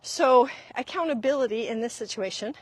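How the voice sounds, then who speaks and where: A woman's voice: on the high side, normal speed, dry recording. A middle-aged woman hosting a podcast, talking earnestly and confessionally about her own parenting and repeating key points for emphasis. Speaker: podcast host. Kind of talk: reflective solo talk.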